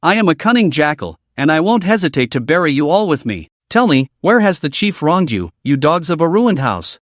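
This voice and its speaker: A cruel jackal-man captain taunts with a menacing sneer, voiced by a man. The voice sits fairly high and rises and falls a lot. The sound is dry and close. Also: sing-song, fairly quick, dry recording.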